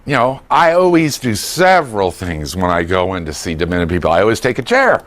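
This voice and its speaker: With a low-sitting voice and a brisk pace, an older man delivers a funny, animated lecture on dementia care to a class, cracking jokes and performing family members' voices.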